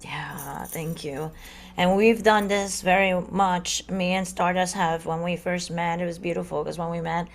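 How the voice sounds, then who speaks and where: A woman's voice: fairly low pitch, fairly even intonation, unhurried, gravelly. A woman co-hosting a casual spiritual podcast, talking earnestly and dramatically and sometimes acting out voices. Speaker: podcast co-host.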